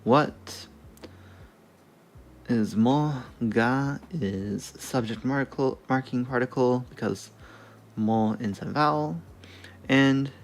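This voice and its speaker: A man's voice: mid-range voice, takes it slowly, pauses often. A man streaming a study session, thinking aloud, correcting himself and swearing casually as he goes.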